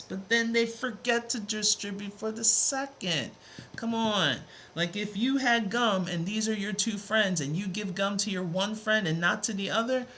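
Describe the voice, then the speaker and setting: A woman's voice: on the low side, fairly bright tone. Woman math teacher on a live stream, chatty and playful, greets viewers by name, faint room hum behind. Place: home room with a fan running.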